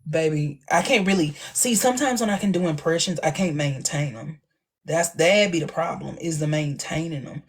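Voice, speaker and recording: A man hosting a casual livestream chat, talking in a chatty, expressive way with playful asides. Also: fairly high pitch, moderate pace, slightly rough. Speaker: livestream host.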